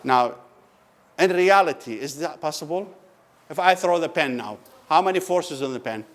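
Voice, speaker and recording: Man lecturing, slow questioning delivery. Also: on the high side, animated. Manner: asks the class questions and answers them, repeats key words slowly. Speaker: physics lecturer. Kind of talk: classroom lecture. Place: lecture room.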